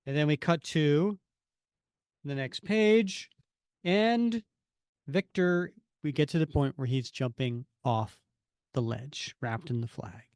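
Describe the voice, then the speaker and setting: A man's voice: a little high, takes it slowly, clear, resonant tone, no room sound. Chatty man with a dry, close sound. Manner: animated, rambling recap with fillers. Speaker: podcast co-host. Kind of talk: casual comic-book chat.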